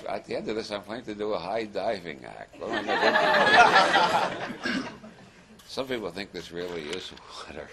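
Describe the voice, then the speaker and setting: Very deep gravelly old man, wry. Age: older. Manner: wry, chuckling, meandering with self-deprecating jokes. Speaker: lecturer. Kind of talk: rambling humorous talk to a live audience. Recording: noisy archival audience recording.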